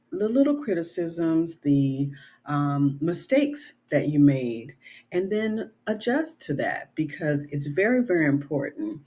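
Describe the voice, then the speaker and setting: A woman's voice: low voice, a little mellow. A middle-aged woman author talking in a casual vlog, earnest and conversational, often adding "you know" and "right?".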